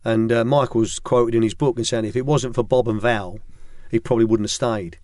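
A man's voice: medium pitch, fairly even intonation, fairly quick, darkish tone, no echo. An older man, a former football academy director, telling rambling anecdotes in a studio interview with many ums and restarts.

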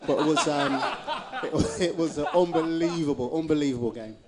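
A man, once a footballer, trades anecdotes on a live show. His voice sits a bit high and he keeps chuckling between phrases, doubling words as he talks. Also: animated, moderate pace, a loud crowd. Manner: chuckling storyteller, repeats words. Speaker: former footballer guest.

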